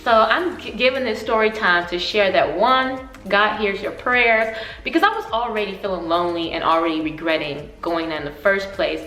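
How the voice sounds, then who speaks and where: A woman in her twenties telling a story for her vlog, animated and emotional, often laughing. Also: medium pitch, normal speed, echoey room, low-quality recording. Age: 20s.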